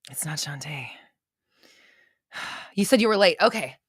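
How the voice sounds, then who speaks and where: A woman's voice: lowish voice, expressive, unhurried, slightly rough, no echo, studio quality. A young adult woman hosting a live coaching stream, chatting casually, swearing freely and reading viewer comments aloud.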